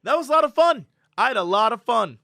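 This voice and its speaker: High, bright-voiced animated male podcaster. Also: fast, vocal fry, no echo, clean studio sound. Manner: animated storyteller, acts out voices. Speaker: podcast co-host. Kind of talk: casual chat.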